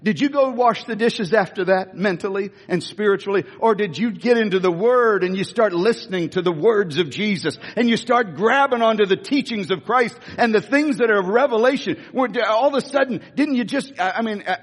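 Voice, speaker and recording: Speaking fairly quickly with few pauses, a high-voiced man preaches in an animated, emphatic style, restarting phrases often. The sermon echoes with long reverb in a large hall.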